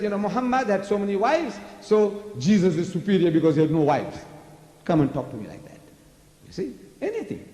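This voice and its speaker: An older man with a South African accent giving a public religious lecture, animated and full of mocking rhetorical questions. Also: high-pitched. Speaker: preacher. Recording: echoey hall recording.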